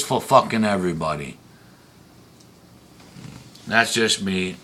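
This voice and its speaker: A man rants in a heated, emphatic way, swearing often and hammering his points home. His voice sits a little low and sounds tense and forceful. He talks slowly and deliberately. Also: expressive. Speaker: video blogger. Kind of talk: angry ranting monologue.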